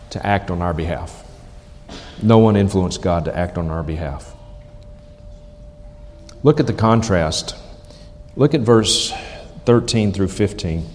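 Lowish-voiced pastor guy preaching, leans hard on repeats, echoey hall. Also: a little mellow, slight background noise. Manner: emphatic, repeats key phrases slowly. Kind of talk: sermon.

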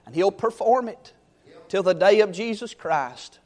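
A high-voiced, middle-aged man preaches with fervor. He swings from ringing exhortation down to soft, homey storytelling. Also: lively intonation, measured pace. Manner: fervent, swings from loud exhortation to quiet storytelling. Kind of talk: sermon.

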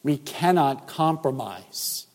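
A man preaching a sermon as pastor, emphatic and measured, with rhetorical questions. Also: on the high side, expressive, darkish tone. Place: church sanctuary. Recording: church hall reverb.

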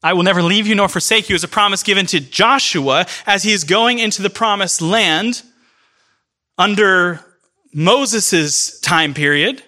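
A man preaching a sermon in an earnest, emphatic way, speeding up in bursts and then slowing down. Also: high voice, sharp tone. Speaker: pastor. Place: church in New York City.

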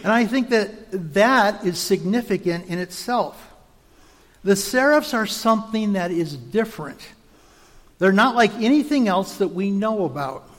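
This preacher has a high male voice and teaches at an unhurried pace, laying things out one step at a time and occasionally restarting a word. His speech echoes with lengthy reverberation, suggesting a large hall.

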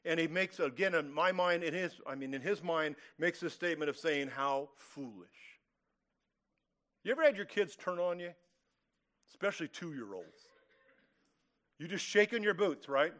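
A man's voice: a little high, lively intonation, normal speed, fairly bright tone. A man from California preaching an expository sermon, emphatic, asking rhetorical questions and acting out quotes. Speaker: pastor.

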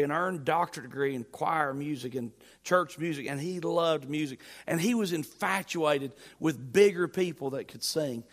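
A middle-aged man preaching from the pulpit, his voice sitting a bit high for a man. He drives his points with emphatic, building repetition and eases into humorous storytelling. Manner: emphatic, rising to loud peaks, storytelling with humor. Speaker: pastor. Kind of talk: sermon.

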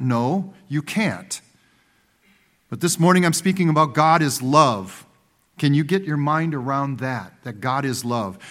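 Male pastor, slightly high voice, unhurried emphatic sermon delivery. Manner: slow, emphatic preaching with dramatic pauses and swings from loud to hushed.

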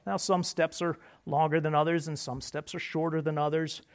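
A man preaching a sermon as pastor, animated and joking, sometimes dropping to soft, hushed phrases. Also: fairly high pitch, moderate pace.

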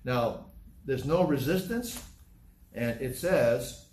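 A man's voice: medium pitch, animated, takes it slowly, a little mellow, reverberant, poor audio. A man preaching a sermon in a conversational way, acting out scenes in different voices. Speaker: pastor.

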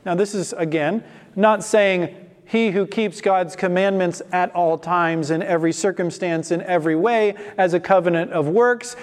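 A man's voice: high-pitched, fairly even intonation, moderate pace. Man, expository sermon, emphatic, long hall reverb. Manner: emphatic, rhetorical questions. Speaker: preacher. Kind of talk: expository scripture teaching.

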